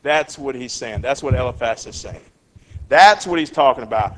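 A man leading a Bible study, reading verses and acting out what people say, with lively questions to his class. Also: mid-range voice, normal speed. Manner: animated, acts out quotes, asks the class questions.

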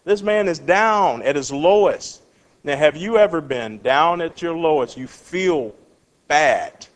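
A man leading a Bible study, reading verses and acting out what people say, with lively questions to his class. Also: on the high side, slow. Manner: animated, acts out quotes, asks the class questions.

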